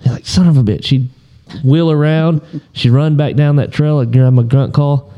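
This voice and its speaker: A man on a podcast telling a hunting story in a relaxed, rambling way, often clearing his throat. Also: on the high side, a little slow, lo-fi sound. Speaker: podcast co-host.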